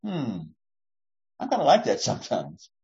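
A man's voice: mid-range voice, huge pitch swings, moderate pace, creaky, darkish tone, dull audio. An older man preaching as a pastor, folksy and joking with his congregation. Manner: folksy, self-deprecating, jokes with the congregation. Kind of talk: sermon.

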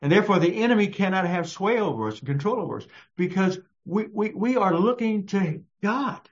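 Emphatic preacher man, lo-fi recording. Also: expressive. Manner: emphatic, with sudden rises in pitch on key words; drawn-out, stressed short phrases. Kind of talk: sermon. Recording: dull lo-fi recording.

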